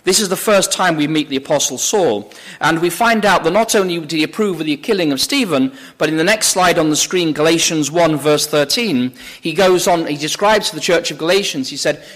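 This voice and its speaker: A man with a somewhat high, slightly bright voice preaches briskly, barely pausing. He reads scripture from on-screen slides with emphasis, rising on each quoted verse, in what sounds like a church or lecture hall.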